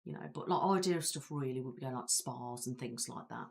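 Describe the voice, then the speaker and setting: A woman with an extremely low-pitched, gravelly voice speaks a little fast in a Belfast accent. She's an ASMR creator from Belfast, Northern Ireland, casually chatting with viewers on her live stream and rambling with frequent fillers.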